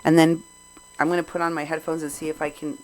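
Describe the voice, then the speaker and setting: A woman's voice: deep voice, level tone, fast talker, crowd noise. A Mexican American woman hosting a podcast, commenting on recorded clips in an indignant, sarcastic way. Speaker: podcast host.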